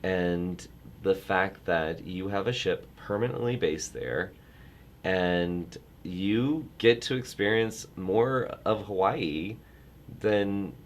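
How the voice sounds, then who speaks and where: A middle-aged man with a low, deep voice talks casually about his travel work. He rambles, interrupts himself, and turns animated when he gets excited. A faint hum of noise sits behind him. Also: slow. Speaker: travel industry guest. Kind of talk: casual chat.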